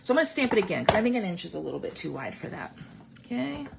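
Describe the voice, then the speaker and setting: A woman's voice: mid-range voice, sing-song, rapid-fire, vocal fry, heavy background noise. A woman demonstrating card-making at home in a chatty, playful, exaggerating way. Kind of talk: casual crafting tutorial. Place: home craft room.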